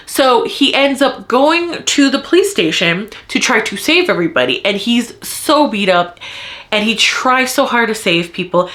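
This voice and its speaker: Heated woman ranting, bright tense voice. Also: on the high side. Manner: heated ranting, frequent swearing; repeats lines for emphasis. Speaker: book reviewer. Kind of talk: casual vlog book review.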